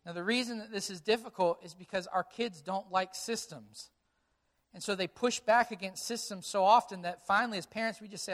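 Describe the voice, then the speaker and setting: High, bright-voiced pastor preaching earnestly. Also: male voice, a little fast. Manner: earnest, repeats key phrases for emphasis; conversational, tells personal family stories. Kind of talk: sermon.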